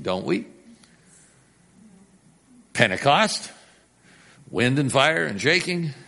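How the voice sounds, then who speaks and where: A man preaches a sermon in a lively, swinging voice. He tells the story animatedly, rising to loud emphasis and dropping to a near-whisper. His voice sits at a middle pitch for a man.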